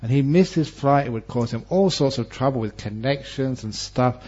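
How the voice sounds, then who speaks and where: A man who is a Buddhist monk teacher, giving a Dharma talk and telling stories with humor and lively, varied delivery. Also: mid-range voice, moderate pace, breathy edge. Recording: dull lo-fi recording.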